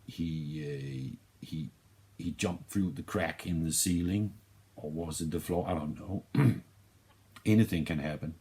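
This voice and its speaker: A man with a Danish accent talks through a film review in a loose, rambling way. His voice sits extremely low and he speaks slowly, often stopping to restart a thought. He swears casually as he goes. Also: mellow. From Denmark.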